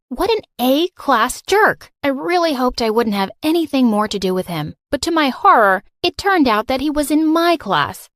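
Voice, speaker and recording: Woman narrator, lively first-person storyteller, fairly high voice, dry studio sound. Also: dry recording. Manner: expressive, exasperated storytelling.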